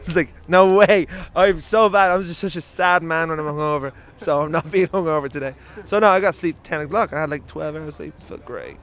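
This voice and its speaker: A man's voice: a little high, fairly quick, few pauses, a bit bright. An Irish man being interviewed outdoors at a festival. He is still buzzing after a gig, swears casually and laughs often. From Ireland. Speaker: musician guest.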